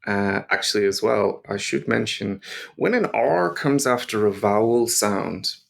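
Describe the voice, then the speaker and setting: A low, gravelly-voiced man with an Irish accent takes a language lesson at an unhurried pace. He explains patiently and repeats example words slowly so that learners can follow. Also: animated. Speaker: German teacher.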